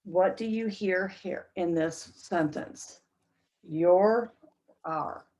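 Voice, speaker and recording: Slow, deliberate woman teaching pronunciation. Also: on the low side, darkish tone, lo-fi sound. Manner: slow, deliberate modeling of sentences for learners. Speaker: English teacher. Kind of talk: classroom pronunciation lesson.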